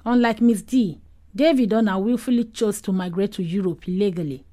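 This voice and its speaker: A female reporter narrating a news report in a measured way. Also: medium pitch, dark tone.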